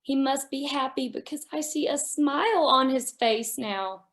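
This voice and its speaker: Young woman, kids' story-time reader, slow and wide-eyed, higher voice, echoey room. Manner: animated and wondering, with frequent gasps, speaking to a child audience. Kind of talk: reading a picture book aloud to young children.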